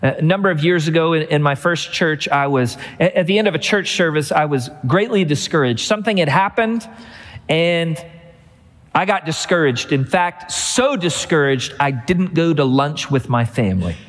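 Man, middle-aged, pastor, sermon, high-pitched, emphatic repetition, echoing hall. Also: lively intonation, normal speed. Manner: storytelling, builds to emphatic repeated refrains.

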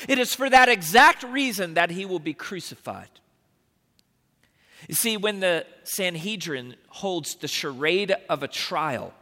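In a church sanctuary with the long reverb of a large hall, a pastor gives an earnest sermon in a high, pushed, bright voice. He pleads with his listeners and builds to emphatic rises.

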